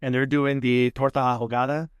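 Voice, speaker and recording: A man's voice: mid-range voice, little pitch movement, brisk, clear, resonant tone, dry recording. A man guesting on a podcast, talking casually and with enthusiasm, saying "man" and "dude" a lot. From California. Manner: laid-back, enthusiastic, says "man" and "dude" often. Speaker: podcast guest, food show host. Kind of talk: casual chat. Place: podcast studio.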